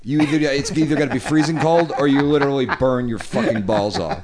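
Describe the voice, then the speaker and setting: A man's voice: mid-range voice, fast, a crowd in the background. A man co-hosting a comedy podcast, dropping wry, profane one-liners in casual chat. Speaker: podcast co-host.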